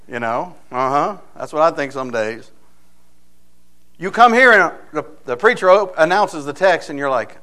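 A man's voice: a little high, animated, moderate pace, pushed and bright. A man preaching a sermon in a folksy, storytelling way, asking the congregation frequent rhetorical questions.

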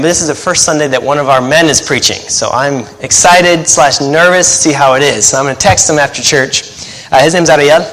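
A man's voice: fairly high pitch, a bit bright. Chatty male pastor in an echoing hall. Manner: fast-talking habit, deliberately slowing down; chatty, laughs at his own stories. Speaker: pastor and missionary. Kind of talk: sermon with joking asides.

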